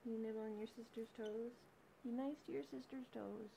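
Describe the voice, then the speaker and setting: Woman, high voice, sing-song baby talk to pet birds, soft small laughs, at home by a birdcage. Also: fairly even intonation, moderate pace, gravelly, a little hiss or hum, rough recording. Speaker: pet owner filming her birds.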